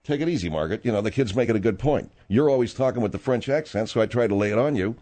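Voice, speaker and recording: A middle-aged man hosting a talk-radio show, rambling in a casual, animated way with plenty of fillers. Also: fairly low pitch, rapid-fire.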